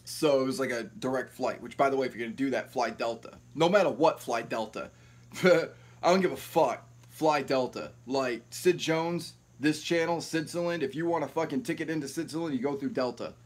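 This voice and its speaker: A man's voice: mid-range voice, normal speed. A young man telling rambling, profane stories to camera at home, without an external mic. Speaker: YouTube vlogger. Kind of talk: casual storytelling to camera. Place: at home, no ring light set up. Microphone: built-in camera mic, no external mic.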